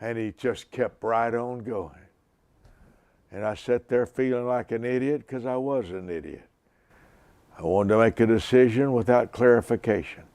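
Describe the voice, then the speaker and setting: A man in his seventies preaching a sermon slowly and emphatically, repeating key lines. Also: medium pitch, darkish tone, dry recording. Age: 70s. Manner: slow, emphatic preaching with repetition.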